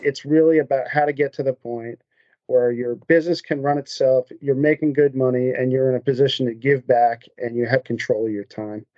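A man guest on a business podcast, telling stories in an animated, conversational way and acting out what people said. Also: mid-range voice, fairly quick, dry recording, lo-fi sound. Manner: animated storyteller, acts out quotes. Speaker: podcast guest, MSP consultant. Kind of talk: conversational interview storytelling.

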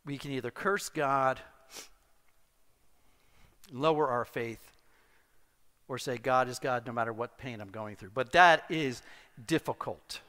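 Preaching with long hall reverb around him, a middle-aged pastor shares a personal anecdote, poking fun at himself in an animated way. His voice is mid-range, and he speaks unhurriedly with long pauses.

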